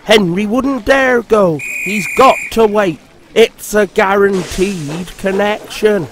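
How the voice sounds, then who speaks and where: A man's voice: sits high, slow, noisy background, voice pushed up. A man voicing an indignant female refreshment lady in a storybook, scolding and demanding.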